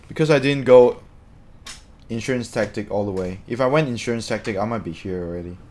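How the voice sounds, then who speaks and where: A man chatting casually on a live stream, reading out viewer comments in an excitable, talkative way. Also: fairly low pitch, a little fast.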